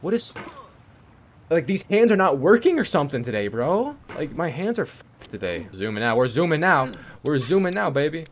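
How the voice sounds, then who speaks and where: Brief: young man ranting at a game, very animated voice, loud swearing outbursts. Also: normal speed, slight background noise. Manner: swings from yelling rage to low mumbling. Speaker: gaming YouTuber. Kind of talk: casual gameplay commentary.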